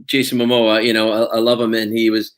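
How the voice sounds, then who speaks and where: A man, an actor appearing as an interview guest, speaks in a fairly low, completely flat voice at a slightly quick clip. He chats casually and rambles, full of fillers and restarts, and laughs often.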